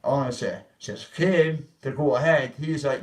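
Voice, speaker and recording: A man's voice: medium pitch, normal speed. A man telling a story to his livestream viewers in a rambling, profane way, acting out what others said. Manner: rambling, profane, acts out quoted voices. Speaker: vlogger. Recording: voice a bit far from the mic.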